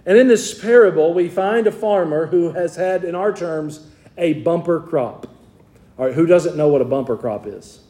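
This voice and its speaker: Warm-voiced Southern preacher, conversational. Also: male voice, fairly high pitch, normal speed. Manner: conversational preaching with rhetorical questions to the congregation. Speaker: pastor. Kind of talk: sermon.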